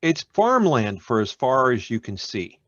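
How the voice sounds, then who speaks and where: A man narrating as game master of an online tabletop game, slowly and with hesitant fillers. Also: medium pitch, very animated, no echo, highs cut off.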